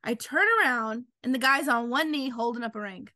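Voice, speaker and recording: A woman author telling stories in a casual chat, animated and acting out quoted lines. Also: a little fast, no room sound. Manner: animated, acts out quotes with big pitch jumps. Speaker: author guest.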